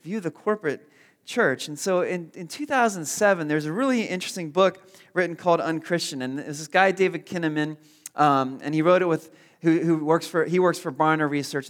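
High-voiced pastor, joking and rambling. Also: male voice, fairly bright tone. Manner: rambling, self-deprecating humor with many fillers. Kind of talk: casual conversational sermon. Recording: long hall reverb.

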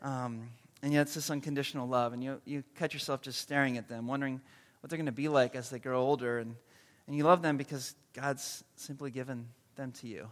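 A man preaching a sermon as pastor, earnest and gentle, with comic asides in other parts. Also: medium pitch, steady tone, fairly quick, big-room sound. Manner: comedic storytelling with acted-out quotes.

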